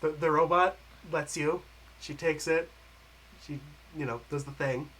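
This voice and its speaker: A man narrating as game master in a livestreamed tabletop game, casual and quick to laugh. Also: on the high side, steady tone, fairly bright tone, breathy edge, poor audio.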